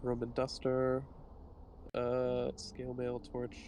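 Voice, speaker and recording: A man's voice: medium pitch, monotone, slow pace, dark tone, slight background noise. Chatty man playing a tabletop game. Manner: chatty, laughing, lots of fillers. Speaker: player. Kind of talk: casual tabletop play.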